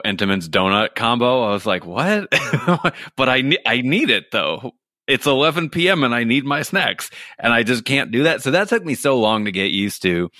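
A man's voice: lowish voice, bright, forceful tone, no echo. Male podcast guest from New York, dry close sound, joking and wry. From New York City. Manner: wry, joking, laughs often. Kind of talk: casual interview chat. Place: home in Los Angeles.

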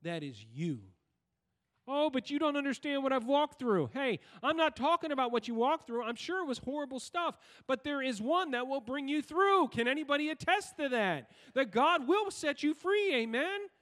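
A man's voice: very high voice, big pitch swings, normal speed, few pauses, pushed and bright. A male pastor preaching a sermon in a church, often asking the congregation questions and waiting for their reply. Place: church sanctuary. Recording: long hall reverb in church.

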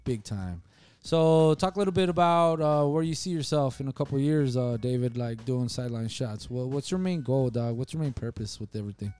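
A man's voice: medium pitch, expressive, brisk, hardly any pauses, a little mellow, clear, resonant tone. A man hosting a casual sports chat show, talking in a slangy, laid-back way and laughing often. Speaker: show host.

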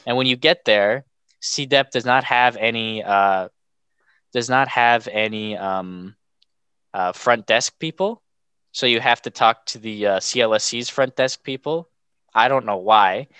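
A man's voice: medium pitch, a little slow, sharp tone, clear, resonant tone, no echo. A young man telling stories casually as a podcast guest, rambling and filling almost every phrase with "like". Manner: rambling, filler-heavy, says "like" constantly. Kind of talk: casual storytelling.

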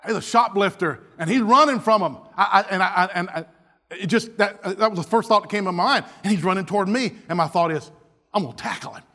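A man's voice: high voice, fast talker, bright, forceful tone. A man preaching a sermon, telling a funny story with many restarts. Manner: humorous storytelling with frequent restarts. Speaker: pastor. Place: church sanctuary. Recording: church hall reverb.

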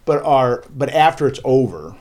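A man telling a lively story as a guest in a conversation, acting out the voices of the people in it. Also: medium pitch, normal speed. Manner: acts out voices, lively and playful. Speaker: guest, school assembly speaker.

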